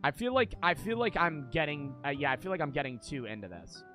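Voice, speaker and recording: A man's voice: a little high, very animated, fairly quick, pushed and bright. A man giving casual gameplay commentary, joking, swearing freely and laughing at himself. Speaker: gaming streamer. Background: game music.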